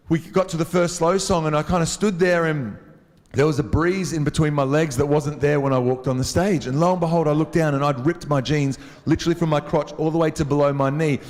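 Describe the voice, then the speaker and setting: Man with a fairly high voice in a big echoing hall. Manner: conversational, self-mocking, comic timing. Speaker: worship leader. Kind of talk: humorous storytelling talk to a live audience. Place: large venue with an audience. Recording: long reverb of a large hall.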